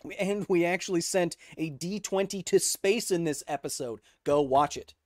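A man in his thirties hosting a live stream, reading chat questions aloud and explaining science in an energetic way. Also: sits high, moderate pace, no room sound, studio quality. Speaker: host.

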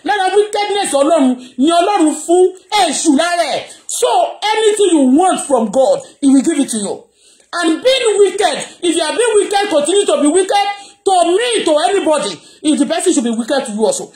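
A woman's voice: high-pitched, expressive, rapid-fire, darkish tone. A Nigerian woman blogger whose first language is Yoruba, ranting impassioned on a live stream and raising her voice. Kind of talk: live social media rant.

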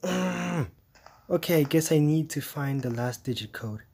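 A man playing a horror game, muttering jittery, exasperated commentary with hushed asides. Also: mid-range voice, fairly quick, breathy edge. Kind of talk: let's-play commentary.

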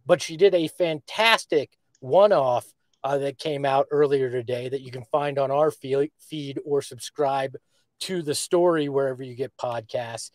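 A man's voice: mid-range voice, unhurried, no echo. A man co-hosting a sports podcast, chatting casually and joking around. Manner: jokey, does character voices. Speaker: podcast co-host.

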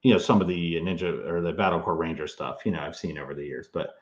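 A man with a very low voice, talking as a guest expert in a loose, rambling way with frequent ums. His audio sounds roomy and a bit muffled, as if it came through a remote call. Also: steady tone, fast. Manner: rambling, many fillers and restarts. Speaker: toy historian and author, guest. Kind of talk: casual interview talk.

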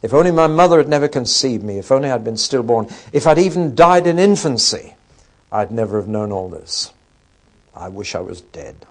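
A man's voice: mid-range voice, expressive, normal speed, close to an everyday voice. A man quoting a despairing sufferer. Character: despairing suffering man wishing he were dead.

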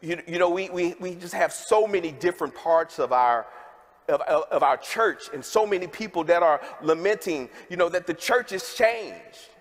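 High-voiced man preaching in a reverberant hall. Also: expressive, normal speed. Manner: folksy, calls out to the congregation. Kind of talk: sermon. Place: large worship hall.

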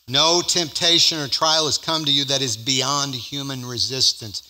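A man preaching a sermon as pastor at a church service, swinging from loud emphatic peaks to slow, drawn-out scripture reading. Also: fairly high pitch.

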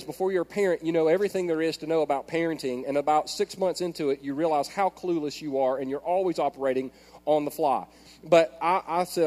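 High-voiced animated male pastor in a reverberant hall. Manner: animated storytelling, swings from hushed prayer to shouting. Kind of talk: sermon. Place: large church hall.

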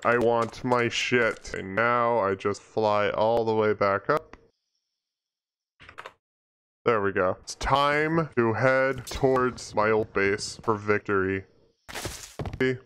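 A young man talks through a video game with crude, panicky, mock-grandiose commentary. He speaks at an unhurried pace in a mid-range voice. A faint hiss sits under the recording. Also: mid-range voice, fairly bright tone. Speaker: gaming YouTuber. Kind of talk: profane gameplay commentary.

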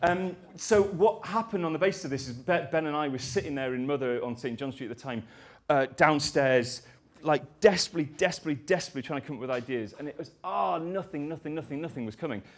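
A man's voice: on the high side, fast talker. A man giving a conference talk, rambling and self-deprecating, with jokey asides. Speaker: conference speaker.

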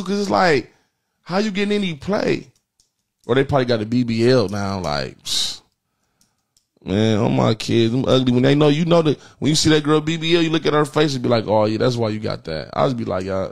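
Brash, profane man ranting. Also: creaky. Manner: brash, profane, swings into high squeals. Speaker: host of a call-in prank show. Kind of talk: crude comedic rant and call-in chat.

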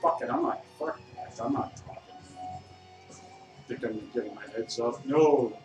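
A man's voice: medium pitch, lively intonation, moderate pace. Guy ranting and cussing at a bar, voice swings all over, sounds far off in an echoey room with faint music. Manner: profane, rambling, bursts into shouting. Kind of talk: rambling casual rant.

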